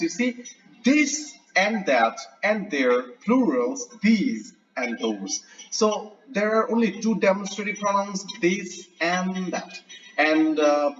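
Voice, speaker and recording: A man who is an English lecturer gives an online grammar lesson in a chatty way. He often checks in with "right?" and stretches out his fillers. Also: high voice. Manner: drawn-out, hesitant fillers. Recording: distant, dull lo-fi mic.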